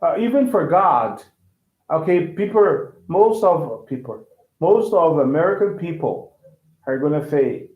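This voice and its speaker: A man's voice: fairly high pitch, animated. Brazilian man teaching english, tinny echo. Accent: Brazilian Portuguese. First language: Portuguese. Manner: halting, repeats words, mixes English and Portuguese. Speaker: language teacher. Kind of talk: casual classroom explanation. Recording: echoey, tinny phone-like sound.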